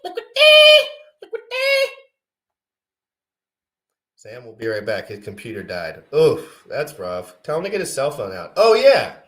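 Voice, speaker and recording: A man co-hosting a casual crypto livestream, rambling and self-deprecating, getting excited between tangents. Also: lowish voice, normal speed, hardly any pauses. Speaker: livestream co-host.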